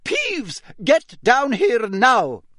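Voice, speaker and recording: A man voicing a strict older female deputy headmistress who barks sharp commands in an audiobook. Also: very high voice, wildly swooping pitch, drawn-out words, no room sound, studio quality, voice pushed up, exaggerated voice. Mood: angry. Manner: sharp, commanding, barking orders. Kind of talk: audiobook character voice.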